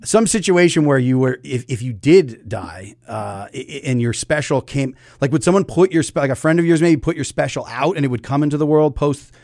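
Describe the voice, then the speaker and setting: Lively-voiced man hosting a podcast, dry sound. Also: medium pitch, no echo. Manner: halting, many fillers and restarts, laughs often. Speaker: podcast host. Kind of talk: casual podcast chat.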